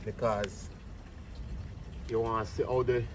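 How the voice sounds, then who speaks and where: A man talking casually in a home vlog, chatty and relaxed, often repeating words as he explains a fix on his deck outdoors. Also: medium pitch, unhurried, recorded from a distance. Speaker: vlogger. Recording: noisy outdoor camera audio.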